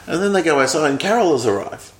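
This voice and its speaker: A man co-hosting a podcast, giving a relaxed, wry, plain-spoken film review in casual chat. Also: fairly high pitch, fast. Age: adult, older than in childhood. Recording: echoey room with faint background noise.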